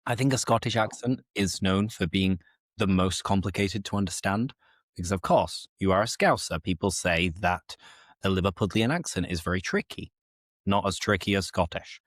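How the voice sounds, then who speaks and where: A young man hosting a slow, clear conversation for English learners, speaking in a measured, reflective, explanatory way. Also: deep voice, no echo, clean studio sound. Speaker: English teacher, host.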